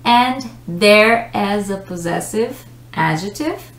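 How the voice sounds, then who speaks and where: Slow, patient woman teaching English. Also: medium pitch, lively intonation. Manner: patient, explains slowly with examples. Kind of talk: pronunciation lesson. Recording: echoey room.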